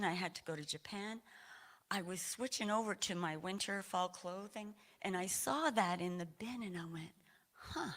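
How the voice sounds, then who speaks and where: A woman's voice: mid-range voice, a bit bright. Rambling, emotional woman sharing at church. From Maine, USA. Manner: rambling, many fillers and restarts, laughs often. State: emotional, a little teary. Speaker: congregant sharing a personal story. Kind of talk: informal testimony at a church service. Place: church sanctuary.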